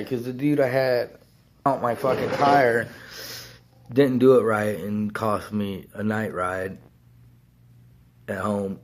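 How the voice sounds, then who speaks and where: A man with a fairly low voice spins a rambling, profane story. He swears constantly and breaks into laughter now and then, in loose, casual speech.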